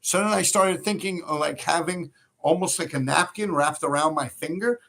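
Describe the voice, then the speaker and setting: A man's voice: fairly high pitch, normal speed, gravelly, fairly bright tone. A man who tells stories in a rambling, profane way on a livestream he hosts, laughing often. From New York City. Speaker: livestream host. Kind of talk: casual storytelling.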